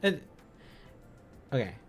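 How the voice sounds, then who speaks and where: A man on a casual livestream, thinking aloud in an unhurried, drawn-out way as he sounds out syllables one at a time. He chuckles often between attempts, and soft music plays faintly underneath. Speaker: streamer.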